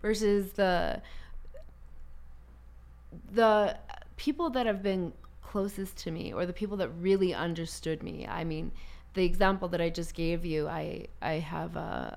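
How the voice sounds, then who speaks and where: A woman in a casual conversation as a guest, telling stories in an animated way and laughing often. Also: lowish voice, measured pace, creaky.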